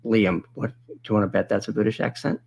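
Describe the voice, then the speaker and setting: Gravelly low-voiced man walking through a demo. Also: steady tone, quick pace, a little mellow. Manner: thinking aloud, chatty, answers viewer questions as he goes. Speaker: webinar host demonstrating video software. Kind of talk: casual live software demo.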